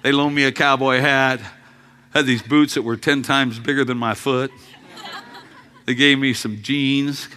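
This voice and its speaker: A man preaching a sermon to his congregation, telling a story with jokes, dropping to quiet murmurs and then rising to loud outbursts. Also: mid-range voice, fairly even intonation, a little slow, clear, resonant tone. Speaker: pastor. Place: church sanctuary.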